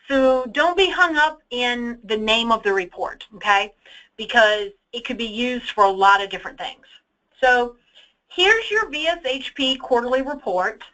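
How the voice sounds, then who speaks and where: A chatty woman presents a data-reporting webinar over a computer mic, explaining step by step as she scrolls. Her voice sits a little high with a bright edge, and she keeps stressing key points and checking in with the listeners. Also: poor audio. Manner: chatty, emphatic, checks in with "okay?". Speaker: data trainer. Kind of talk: webinar screen-share walkthrough. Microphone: computer mic for online webinar.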